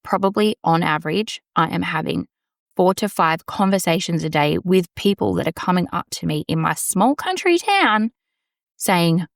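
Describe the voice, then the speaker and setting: A woman's voice: on the low side, animated, normal speed, gravelly, no room sound, clean studio sound. A woman, talking candidly and rambling on her solo podcast from a small storage room. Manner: candid, rambling, swears casually. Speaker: podcast host. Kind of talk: casual solo podcast monologue.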